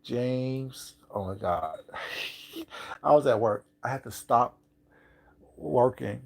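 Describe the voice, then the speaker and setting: Male livestream host, gravelly mid-range voice, loose chatty delivery with lots of laughter. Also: medium pitch, animated, slow pace. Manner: chatty, repetitive, laughs often. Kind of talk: casual live chat while eating.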